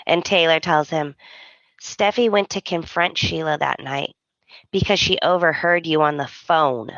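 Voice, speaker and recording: A woman's voice: sits low, unhurried, fairly bright tone, dry recording, highs cut off. A woman chatting as a podcast co-host, opinionated about a soap opera and quoting characters with dramatic voices. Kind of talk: casual chat recapping a soap opera.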